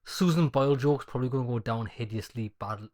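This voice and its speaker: A gaming YouTuber gives casual let's-play commentary on a video game, tossing in crude, mocking asides. He talks fast in a medium-pitched, warm voice.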